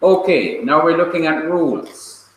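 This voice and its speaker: A man's voice: fairly high pitch, expressive, measured pace. A male teacher leading a classroom lesson, calling on students by name and patiently drilling their pronunciation. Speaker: Hebrew teacher. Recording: echoey classroom from far off, faint noise.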